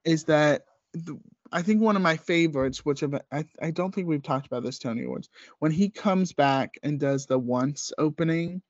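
A man co-hosts a podcast in easygoing chat, his voice sitting a little high for a man. He talks with eager enthusiasm and wanders through his points with plenty of fillers. The sound is dry and close, with no room around it. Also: normal speed, no echo. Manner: enthusiastic, rambling with many fillers. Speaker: podcast co-host. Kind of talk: casual chat. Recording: slightly muffled dry podcast audio.

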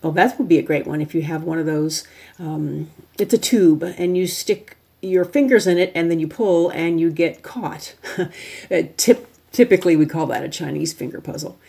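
A woman's voice: fairly low pitch, normal speed, creaky, dark tone. A woman presenting a teacher workshop, chatting her listeners through a hands-on exercise step by step. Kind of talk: instructional talk.

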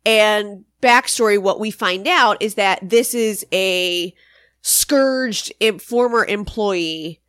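A woman's voice: medium pitch, takes it slowly, a bit bright, clean tone, no room sound, studio quality. A woman co-hosting a podcast, recapping a sitcom episode in casual, emphatic chat. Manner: chatty, emphatic, swears casually. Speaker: podcast co-host.

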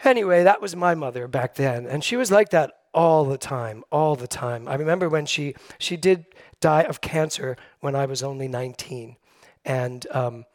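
Animated storytelling man preaching. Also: on the high side, no room sound, studio quality. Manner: storytelling, animated, acts out quoted voices. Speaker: minister. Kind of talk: Sunday sermon with personal stories. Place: church sanctuary.

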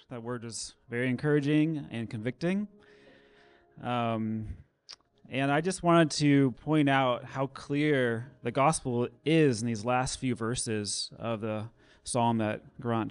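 A man at a mid-pitched voice closing out a church service. He talks in a loose, conversational way, full of "um" and "like", and tells his stories with lively energy. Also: slow pace, smooth, no echo. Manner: conversational, animated storytelling with fillers. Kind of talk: casual talk with a closing prayer.

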